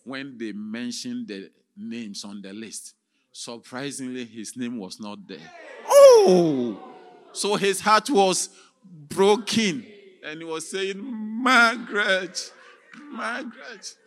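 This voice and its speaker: A man preaching as a theatrical storyteller, with sudden shouts and sound effects. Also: medium pitch, sing-song, takes it slowly. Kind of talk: dramatic sermon storytelling.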